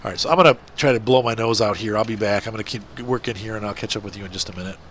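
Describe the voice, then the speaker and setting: A gaming video host races through his words in a lowish voice, a middle-aged man with a stuffed nose chatting aimlessly and teasing himself while he plays a farming game. Slight background noise is audible.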